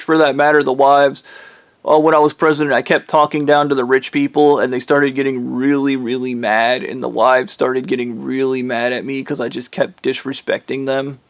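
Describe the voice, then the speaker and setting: Rich. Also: male voice, medium pitch, no echo. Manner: profane, heated, rambling. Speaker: vlogger. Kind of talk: ranting monologue.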